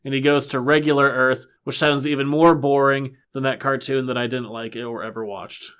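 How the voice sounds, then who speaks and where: A man co-hosting a casual pop culture podcast, talking in a wry, dismissive way with quick asides. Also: medium pitch, fairly even intonation, fairly bright tone, clear, resonant tone. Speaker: podcast co-host.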